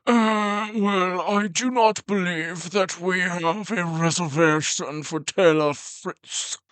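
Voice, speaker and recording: A man voicing a prim male high elf hotel concierge who talks in a stiff, overly polite way. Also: steady tone, slow pace, a bit bright, clean tone, no room sound.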